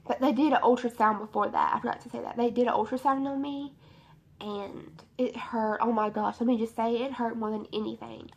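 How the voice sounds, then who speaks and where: A young woman, a beauty vlogger, tells a personal testimony story from her bedroom in a rambling, emotional way packed with fillers. Her voice sits on the high side and has vocal fry.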